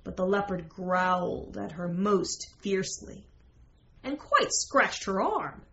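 A woman reads a storybook aloud at a slow, unhurried pace, her delivery measured and old-fashioned. The sound is slightly muffled and dull. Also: medium pitch, animated, a bit bright. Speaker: narrator. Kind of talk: storybook reading.

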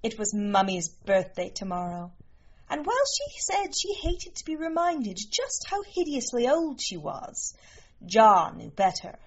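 Slow, measured woman narrating a story. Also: mid-range voice. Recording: muffled lo-fi recording.

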